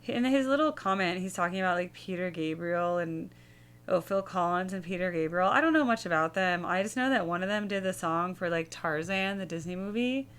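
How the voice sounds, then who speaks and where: A woman's voice: fairly low pitch, brisk, a bit bright, clear, resonant tone. A young woman hosting a music reaction video, musing casually and humming bits of melody as she rambles.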